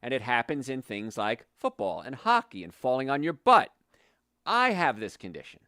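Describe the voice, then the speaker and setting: A man's voice: medium pitch, normal speed, no echo, studio quality. A male chiropractor hosting a health talk show, speaking passionately and bluntly, getting worked up and then reining himself in. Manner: passionate, opinionated, gets worked up then calms down.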